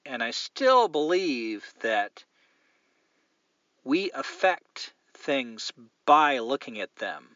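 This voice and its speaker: A man's voice: mid-range voice, very animated, drawn-out words, pushed and bright, no room sound, lo-fi sound. A man hosting a podcast, musing aloud at length in a casual, rambling way with many fillers. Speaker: podcast host.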